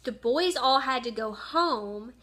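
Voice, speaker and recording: A woman's voice: fairly high pitch, animated, slow pace, pushed and bright. A woman, chatting in a rambling, heartfelt way about her favorite teachers. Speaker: teacher vlogger. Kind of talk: casual personal vlog.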